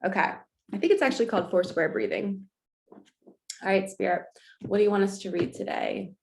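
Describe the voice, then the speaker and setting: A woman's voice: mid-range voice, fairly quick, creaky, darkish tone, slight background noise. A woman giving a casual spiritual morning talk as a coach, chatty and earnest, laughing often and swearing casually.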